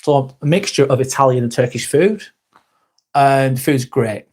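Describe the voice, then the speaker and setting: A man's voice: medium pitch, normal speed, darkish tone. A man hosting a casual live stream, reading viewer comments aloud, calling people mate and standing firm with trolls.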